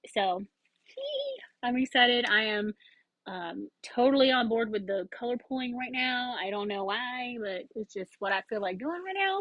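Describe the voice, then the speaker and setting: A woman chatting excitedly in a casual haul video, rambling with fillers and bursts of enthusiasm. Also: fairly high pitch, dry recording, poor audio. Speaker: yarn vlogger.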